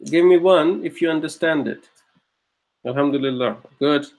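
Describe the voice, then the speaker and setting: In this online Arabic grammar lesson, a man with a fairly high voice speaks at a normal pace. He patiently repeats each point and checks that his students are keeping up.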